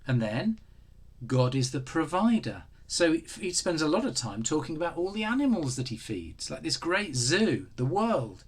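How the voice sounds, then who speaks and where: Man, sermon, husky, lively pitch, unhurried, animated storytelling. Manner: animated, acts out voices of God and Job. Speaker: preacher.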